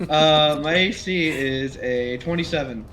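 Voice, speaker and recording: A man's voice: on the high side, measured pace, a bit bright. A man playing a tabletop game, laughing and making bold threats in character. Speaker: player. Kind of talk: casual tabletop play.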